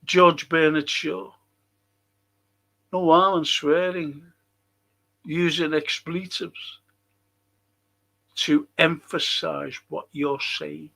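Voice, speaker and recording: Ranting man, high gravelly voice. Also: flat delivery, extremely slow, long pauses, sharp tone. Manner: heated, heavy swearing, combative. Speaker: fan show host reading live chat. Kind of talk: angry live-stream rant.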